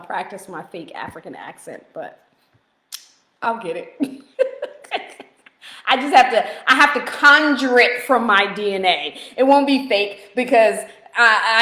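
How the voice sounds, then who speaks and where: Slow, bright-voiced woman coach in an echoey room. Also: fairly high pitch. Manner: playful, laughs often, motivational. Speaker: weight-loss coach. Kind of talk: casual live-stream chat.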